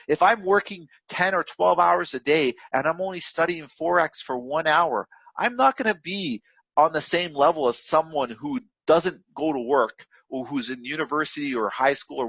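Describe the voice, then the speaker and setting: A man's voice: a little high, a bit bright, slightly rough, no room sound, muffled recording. A man giving an unscripted, direct coaching talk on trading discipline, full of fillers and restarts. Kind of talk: unscripted motivational lesson.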